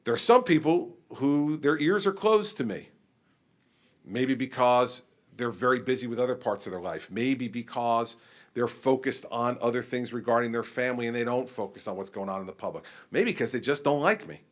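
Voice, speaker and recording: Animated middle-aged man governor. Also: medium pitch, normal speed. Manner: animated, conversational, acts out exchanges with people. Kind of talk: public forum answer.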